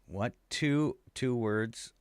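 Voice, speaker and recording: A man's voice: medium pitch, drawn-out words, a little mellow, clear, resonant tone, dry recording. A man co-hosting a morning radio show, teasing and laughing often during playful on-air banter in a radio studio.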